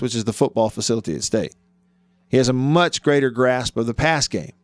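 Smooth-voiced male sports radio host. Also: mid-range voice, dry recording, clean studio sound. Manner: emphatic, argumentative, thinks aloud with restarts. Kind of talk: sports talk radio commentary. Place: radio studio.

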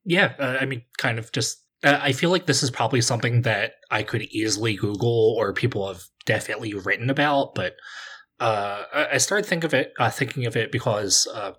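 Man, husky voice, US East Coast accent, casual podcast chat, rambling, hesitant. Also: medium pitch, a little fast, a bit bright. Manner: rambling, hesitant, many fillers and restarts. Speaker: podcast co-host.

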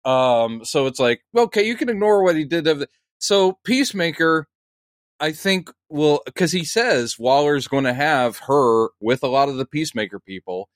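A man co-hosting a podcast, chatting casually and musing out loud with quick asides. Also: a little high, expressive, no room sound, studio quality. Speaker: podcast co-host.

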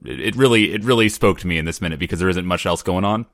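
A man co-hosting a casual podcast chat with quick, wry banter. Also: sits low, fairly bright tone, dry recording, clean studio sound. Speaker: podcast co-host.

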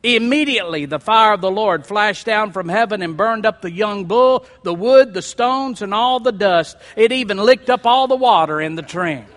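Male preacher, high pitch, scripture reading with lively commentary, long reverb from the hall. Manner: reads scripture aloud, breaking in with lively asides.

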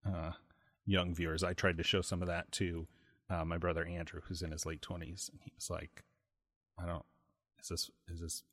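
Low-voiced easygoing podcast co-host. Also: male voice, level tone, brisk, fairly bright tone, no room sound, studio quality. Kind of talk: casual chat.

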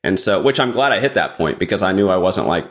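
A man's voice: low voice, expressive, fast, fairly bright tone. A man chatting casually as a podcast guest, rambling along with lots of "like" fillers. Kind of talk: casual chat.

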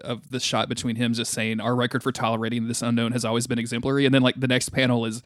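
Animated swearing man, dry sound. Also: mid-range voice, no room sound. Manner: animated, swearing, quick asides. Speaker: podcast co-host. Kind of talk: casual comic book discussion.

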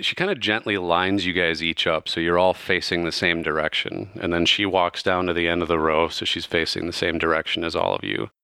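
A man's voice: sits low, sharp tone, smooth, no echo, studio quality. A man narrating a tabletop game as game master in a casual, loose way, with plenty of fillers.

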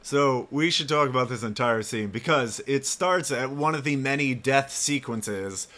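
Bright-voiced chatty man. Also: mid-range voice, moderate pace. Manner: chatty, loose and digressive, laughs easily. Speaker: podcast co-host. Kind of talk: casual film discussion.

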